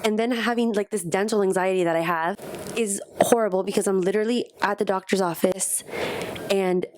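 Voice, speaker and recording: A woman's voice: mid-range voice, steady tone, brisk, noisy background. A young woman co-hosting a podcast, talking in a chatty, emotional way and often repeating herself. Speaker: podcast co-host. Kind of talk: casual chat.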